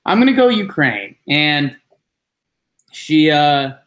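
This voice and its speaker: A man chatting on a podcast, his voice sitting a little high for a man. He tells a meandering story, jumping up in pitch when he acts out what others said. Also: big pitch swings, slow pace, fairly bright tone. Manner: rambling storyteller, acts out quotes with jumps in pitch. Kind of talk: casual chat.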